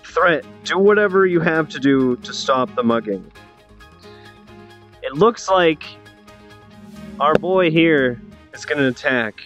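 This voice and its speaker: A young man streaming a VR game, joking around and reacting loudly as he plays. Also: fairly high pitch, slow, long pauses, dull audio, faint music behind. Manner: excitable, jokey, loud reactions. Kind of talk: casual game commentary.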